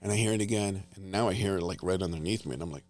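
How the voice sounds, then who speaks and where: A middle-aged man from New Jersey hosting a casual family chat, telling hunting stories in an animated way with gasps and laughter. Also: sits low, very fast. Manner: animated, laughing storyteller with gasps and whispered asides. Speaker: podcast host, father.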